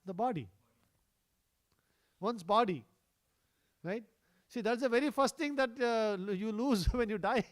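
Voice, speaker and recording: A man giving a storytelling sermon at a temple, conversational, with frequent fillers, soft chuckles and questions put to the audience. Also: sits high, lively intonation, unhurried, pauses often. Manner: conversational, many "you know" fillers, chuckles, quizzes the audience. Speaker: speaker at a temple.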